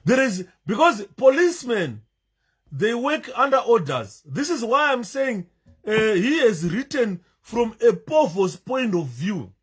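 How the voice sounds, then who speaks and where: Male commentator reacting to video footage, emotional and emphatic, with a wide, animated pitch. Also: measured pace, breathy edge. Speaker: political commentator. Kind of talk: commentary over video clips.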